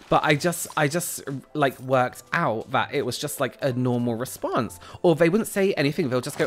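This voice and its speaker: A man's voice: mid-range voice, lively intonation, moderate pace, few pauses, soft background music. Rambling man streaming a game. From West Country, England. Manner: chatty and rambling, often breaking off mid-sentence. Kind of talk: casual chat while gaming.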